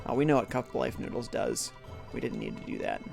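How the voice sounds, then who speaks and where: Gravelly upbeat male game streamer. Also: mid-range voice, huge pitch swings, fast talker, a little mellow, faint music behind. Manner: upbeat, reads chat comments aloud and jokes. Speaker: streamer playing a retro game. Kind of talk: casual live-stream chat.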